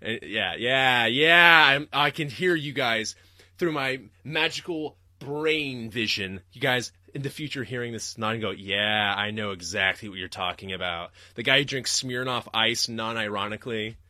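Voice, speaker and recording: Excitable ranting podcast host, bright voice. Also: male voice, moderate pace, dry recording, clean studio sound. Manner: profane, excitable, rambling; jumps suddenly into loud high-pitched outbursts. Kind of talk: livestreamed comedic rant.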